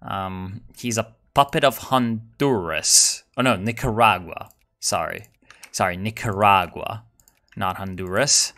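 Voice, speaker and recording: A young man giving casual, profane commentary while playing a strategy game, excitable and musing aloud with fillers and laughs. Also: lowish voice, measured pace. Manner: swears a lot, excitable, jokey.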